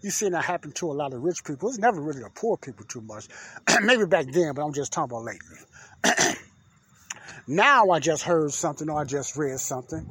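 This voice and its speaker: A man, hosting a casual political talk podcast outdoors at night, folksy and preachy, often clearing his throat. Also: fairly high pitch, expressive, fairly quick, a bit bright. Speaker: podcast host. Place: outdoors in the dark.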